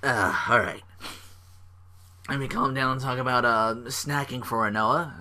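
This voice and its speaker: A man hosting a casual solo podcast, rambling excitedly with swearing and fillers. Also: medium pitch, measured pace. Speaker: podcast host.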